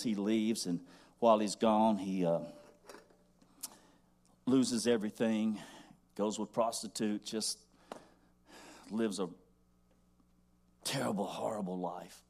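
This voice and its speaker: Slow-paced storytelling preacher, a man. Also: on the low side, darkish tone. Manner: conversational storytelling, rising to fervent. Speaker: pastor. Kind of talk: sermon.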